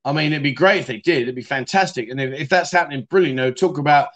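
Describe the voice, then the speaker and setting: A man's voice: a little high, fast, a bit bright. A middle-aged man hosting a casual livestream chat show, talking matily and reading out viewer comments. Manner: chatty, matey, reads out viewer comments. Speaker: livestream host.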